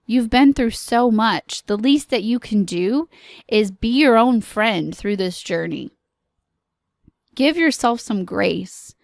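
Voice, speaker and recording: A woman hosting a podcast, giving an earnest, encouraging motivational talk in slow, deliberate phrases. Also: fairly high pitch, animated, gravelly, dry recording, studio quality. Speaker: podcast host.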